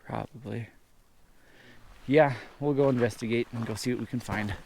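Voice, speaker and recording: A man talks casually to his action camera on a high mountain trail, pointing out peaks as he goes. His voice sits at a middle pitch with a gravelly, fry-edged texture. Faint noise runs underneath. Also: fairly even intonation, moderate pace, a little mellow. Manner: chatty, points out landmarks as he walks. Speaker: hiker filming his trip.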